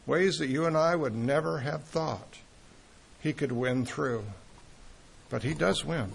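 A man preaching a sermon in an earnest, emphatic way, pausing often and restarting phrases. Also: a little high, vocal fry, a little hiss or hum.

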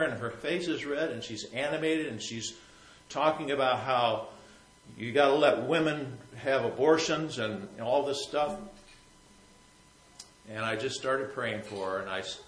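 A man telling a personal faith story in a rambling, repetitive way, sometimes growing soft and emotional. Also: medium pitch, roomy sound, slight background noise, low-quality recording. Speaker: Christian storyteller.

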